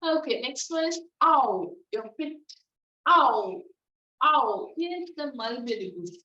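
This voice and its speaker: A woman teaching a phonics lesson, repeating each sound slowly and emphatically and checking in with "right?". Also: high voice, animated, a bit bright. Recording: echoey, distant, dull lo-fi.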